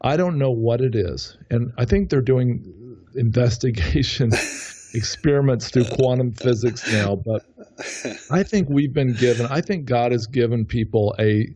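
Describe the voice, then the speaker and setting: A man's voice: mid-range voice, measured pace, a little mellow, husky, highs cut off. A man talking casually as a podcast guest, rambling and often correcting himself mid-sentence. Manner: rambling, frequent self-corrections. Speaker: podcast guest, real estate investor. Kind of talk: casual interview talk.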